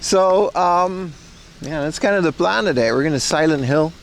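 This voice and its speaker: On a low-quality recording with slight hiss or hum, a Dutch streamer talks at normal speed in a highish voice with vocal fry. He's hosting a casual IRL livestream while wandering a rainy mountain town, rambling, chatty and laughing often.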